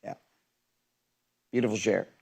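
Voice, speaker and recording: A man's voice: a little slow, crowd noise. A man coaching a group in an intense, emphatic motivational talk, swearing freely.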